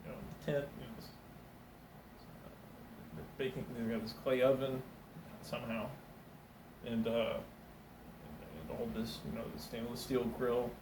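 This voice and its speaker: A man with a middle-pitched voice tells a wandering comic story, stalling on fillers and circling back on himself. He sounds a little distant from the mic, in a reverberant room. Steady noise runs underneath him throughout. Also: unhurried. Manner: meandering, many fillers and restarts, acts out quoted voices. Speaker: stand-up comedian.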